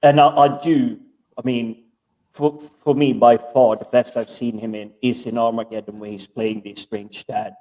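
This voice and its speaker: Mellow-voiced man, rambling chat. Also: mid-range voice, level tone, normal speed. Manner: rambling, stammers and repeats words. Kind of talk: casual chat. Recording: distant from the mic.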